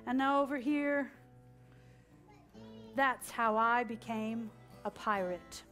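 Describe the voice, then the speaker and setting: A woman reads a picture book aloud at a children's story time, slow and high-pitched. She keeps it animated and gets the kids to repeat lines after her. Faint music sits behind her voice. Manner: animated, drawing children into call-and-response.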